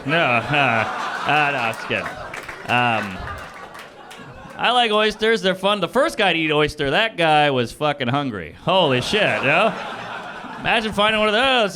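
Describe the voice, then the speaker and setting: Crowd and background noise surround a man performing improvised stand-up in a comedy club, working off audience suggestions for a live audience. His fairly high voice is very animated and a little slow as he riffs crudely at speed and chuckles at his own material.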